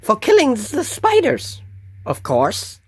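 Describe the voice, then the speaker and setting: A man voicing an excitable male goblin town guard who barks short, curt orders. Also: very high-pitched, takes it slowly, husky, no room sound, voice pushed up, heavily acted. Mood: excited.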